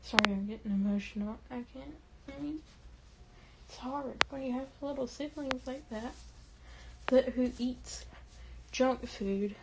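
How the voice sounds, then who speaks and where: A young woman talking casually to her camera, rambling with many restarts and fillers, her voice quiet and tearful. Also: on the high side, measured pace, very noisy. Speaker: vlogger.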